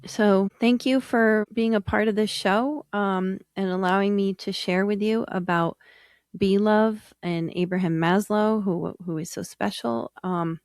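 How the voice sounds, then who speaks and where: A woman hosting a podcast, telling a personal story in a gentle, earnest way. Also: mid-range voice, steady tone, unhurried, dry recording, clean studio sound. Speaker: podcast host, psychologist.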